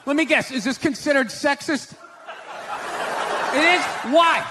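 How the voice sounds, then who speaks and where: A male stand-up comedian doing a brash set, shouting and talking to the crowd. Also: very high voice, a little slow. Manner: brash, shouting, talks to the audience. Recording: live room with crowd and noise.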